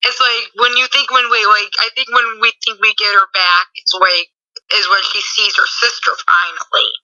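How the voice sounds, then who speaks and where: A woman's voice: medium pitch, steady tone, normal speed, bright, forceful tone. A woman guest chatting casually, rambling with lots of filler words and giggles. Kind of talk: casual chat. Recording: muffled lo-fi audio.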